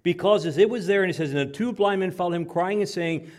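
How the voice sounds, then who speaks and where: A man preaching a sermon in church, animated, repeating words and acting out the quotes. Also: high voice, quick pace, few pauses. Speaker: pastor. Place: church with microphone.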